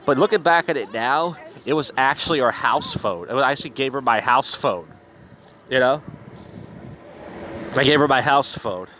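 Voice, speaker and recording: A man's voice: medium pitch, expressive, normal speed, long pauses, pushed and bright. A man with a mid-range voice hosts his podcast outdoors, a little tipsy and slurring slightly as he talks. His delivery is blunt and profane, full of bitter venting in a loose storytelling style. Faint street traffic hums in the background. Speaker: podcast host. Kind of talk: casual storytelling monologue. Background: faint street and traffic noise.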